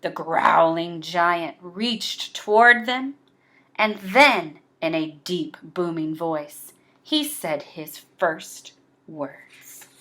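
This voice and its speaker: Lady reading a kids book out loud, bright voice, slow and bouncy. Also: fairly low pitch. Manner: slow, expressive read-aloud. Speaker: storybook reader. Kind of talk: reading a picture book aloud.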